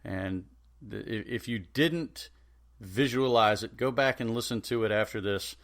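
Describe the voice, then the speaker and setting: A man's voice: on the low side, a little slow, a bit bright. A man hosting a podcast, ranting sarcastically and swearing freely. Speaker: podcast host. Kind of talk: profane comedic rant.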